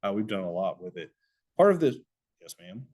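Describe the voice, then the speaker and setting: A man's voice: fairly low pitch, very animated, normal speed, a little mellow. A middle-aged man giving a conversational, explanatory safety presentation and answering audience questions.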